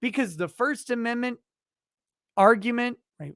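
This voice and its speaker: A man's voice: high-pitched, lively intonation, unhurried, a bit bright, no echo, studio quality. Profane ranting male legal commentator. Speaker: legal commentary show host. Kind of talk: livestream commentary rant.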